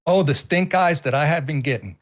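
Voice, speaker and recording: Speaking fairly quickly, a high-voiced, middle-aged co-host weighs in on politics during a casual stream. He's forceful and repetitive, with plenty of profanity.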